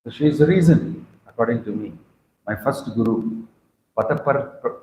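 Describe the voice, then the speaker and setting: A man with an Indian English accent giving a scripture discourse as a swami, telling stories and acting out the words of saints with big swings in pitch and loudness. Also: animated, normal speed, muffled recording. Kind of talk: sermon. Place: temple hall. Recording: echoey hall.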